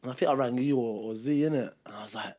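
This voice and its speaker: Fast-talking young man. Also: medium pitch, warm tone. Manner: rambling storyteller who acts out quoted dialogue. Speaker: podcast co-host. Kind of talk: casual chat.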